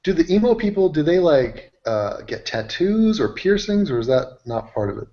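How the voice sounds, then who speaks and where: A man's voice: on the high side, very animated, moderate pace, dark tone. A man hosting a casual livestream chat, joking and asking his guests questions. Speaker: livestream host. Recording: dull lo-fi stream audio.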